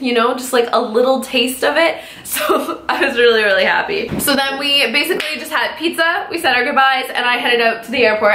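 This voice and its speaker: Bright-voiced young woman vlogger. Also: fairly high pitch, slight background noise. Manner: chatty, heavy on "like" fillers. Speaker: beauty vlogger. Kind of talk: casual storytime vlog. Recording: echoey room.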